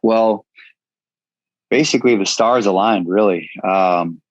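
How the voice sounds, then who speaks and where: Low-voiced guy telling his story straight, swears a lot, dry dull-ish audio. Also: slow, dry recording. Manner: frank, casual, swears freely. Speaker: guest, entrepreneur. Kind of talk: candid storytelling interview.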